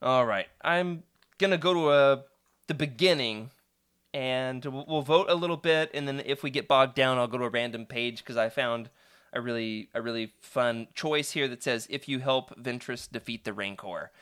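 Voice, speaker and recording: A man's voice: mid-range voice, normal speed, a bit bright, smooth. A man hosting a live stream, chatty and playful, reading a choose-your-own-adventure book aloud to his viewers.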